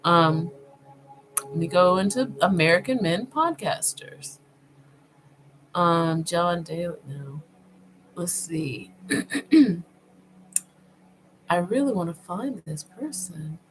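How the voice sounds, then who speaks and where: A woman vlogger thinks aloud in an unhurried, meandering way, full of pauses and fillers. Her voice sits a little low, and she chats straight to her viewers. There's a faint hum of room noise behind her. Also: low-quality recording. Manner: addresses viewers informally. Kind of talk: casual talk while browsing online.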